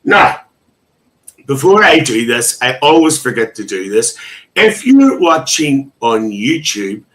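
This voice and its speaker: A man's voice: medium pitch, big pitch swings, slow, fairly bright tone, poor audio. A man hosting a casual livestream, reading viewers' comments aloud in an emotional, chatty way with frequent laughter. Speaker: livestream host.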